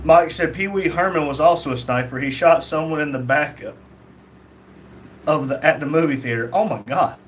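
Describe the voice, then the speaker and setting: On a laid-back livestream, a host with a fairly high voice reads out what viewers write and fires jokes back. He talks at an ordinary pace over slight background noise. Laughter comes often, and he delivers each message in a flat, quoting voice.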